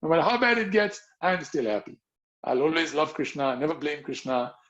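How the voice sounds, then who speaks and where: A meek young woman who accepts every hardship without complaint, as a man quotes her during a devotional talk. Her voice is raised high, and the line comes through dull and lo-fi over a call. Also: animated, a little fast, fairly bright tone. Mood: serene. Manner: sweetly resigned, uncomplaining. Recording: dull lo-fi online call audio.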